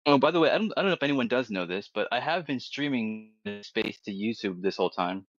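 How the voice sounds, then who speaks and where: A man hosting and streaming a casual group chat, with quick, animated asides. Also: mid-range voice, no echo, muffled recording, faint music behind.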